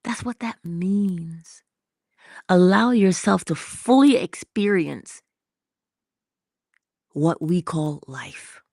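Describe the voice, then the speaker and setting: A woman hosting an inspirational livestream, talking slowly and intimately, dropping into whispers at times and greeting viewers in the chat. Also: fairly low pitch, lively intonation, a little mellow, no room sound, studio quality. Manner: slow, intimate, drops into whispers. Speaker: motivational livestream host.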